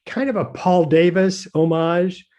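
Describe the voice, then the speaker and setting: A high but dark-toned voice at a measured pace belongs to an older designer appearing as a guest. In casual conversation, he rambles hesitantly through anecdotes, with many fillers and chuckles.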